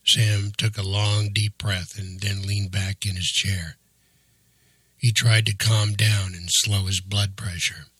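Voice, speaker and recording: A man narrating an audiobook in a steady, even storytelling manner. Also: fairly low pitch, slow, breathy edge, dry recording.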